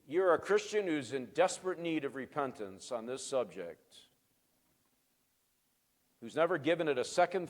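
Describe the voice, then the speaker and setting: Man, pastor, emphatic sermon, slightly high voice, long church-hall reverb. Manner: emphatic preaching, swinging from quiet to loud; rhetorical questions answered himself.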